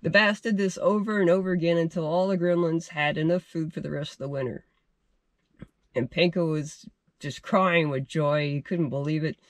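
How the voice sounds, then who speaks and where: High-voiced man telling a casual tale. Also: fairly even intonation, moderate pace, dry recording. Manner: rambling, with fillers and self-corrections. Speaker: fishing channel host telling a tale. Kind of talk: casual storytelling.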